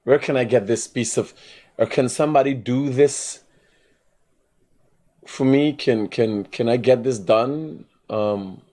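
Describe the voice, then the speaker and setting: Taking it slowly at a medium pitch, a man with a Guyanese Creole accent runs a live stream. He rambles in loose commentary, ranting animatedly and laughing in bursts.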